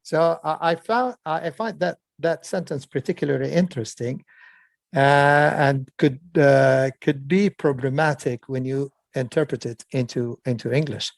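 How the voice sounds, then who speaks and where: An interpreter talks slowly and carefully, with a lot of "uh"s. His voice sits a little high for a man. The recording is dry and close, with no room sound. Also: creaky, no room sound. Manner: measured, hesitant, many fillers. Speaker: interpreter discussing Arabic text. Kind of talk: conversational language breakdown.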